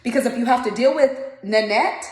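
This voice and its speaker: A woman's voice: a little high, brisk, darkish tone. Indignant woman venting, echoey room. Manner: indignant, retells dialogue in quoted voices. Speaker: vlogger, mobile candle vendor. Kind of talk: casual storytime rant to camera.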